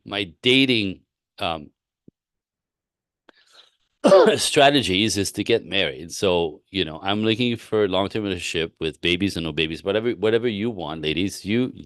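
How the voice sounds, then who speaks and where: A man's voice: deep voice, fairly bright tone, no room sound, clean studio sound. A man coaching women on relationships in a live-stream talk, blunt and emphatic, often repeating himself and acting out both sides of conversations. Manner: acts out both sides of dialogue.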